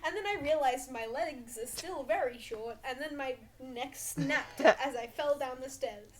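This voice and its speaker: A woman's voice: high voice, measured pace. A teenage woman co-hosting a podcast, chatting casually with playful, jokey storytelling. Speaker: podcast co-host. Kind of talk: casual chat.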